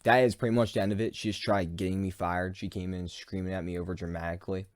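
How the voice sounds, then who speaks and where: A young man tells a story from his old job in a loose, rambling way, swearing often and getting loud when he's worked up. His voice sits low, and the close mic is dry with no room sound. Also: little pitch movement, fast talker, no room sound. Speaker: streamer telling a story. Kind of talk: casual storytime.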